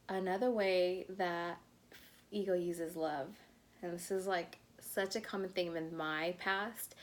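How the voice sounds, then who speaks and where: A young adult woman, a love coach, talking casually and bluntly to her viewers, swearing freely. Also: fairly low pitch. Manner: blunt, swears freely, calls listeners bro. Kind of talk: casual vlog-style talk to viewers.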